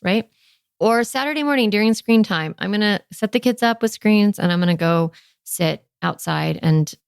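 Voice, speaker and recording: A woman's voice: medium pitch, no room sound, clean studio sound. A middle-aged woman hosting a parenting podcast, talking in an earnest, conversational way with frequent "like" fillers. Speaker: parenting coach and podcast host. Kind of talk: casual podcast monologue.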